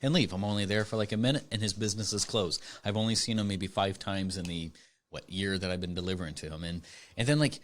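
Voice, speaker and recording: A man's voice: low-pitched, fast. A man co-hosting a casual podcast, telling a rambling story full of filler words. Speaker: podcast co-host.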